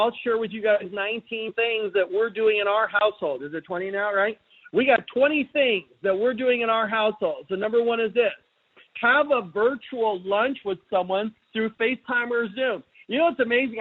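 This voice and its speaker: A middle-aged man hosting a webinar, talking in a casual, energetic way and often asking his listeners questions. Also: high voice. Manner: energetic, chatty, asks the audience questions. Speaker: webinar host. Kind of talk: casual motivational talk. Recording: tinny phone-like line.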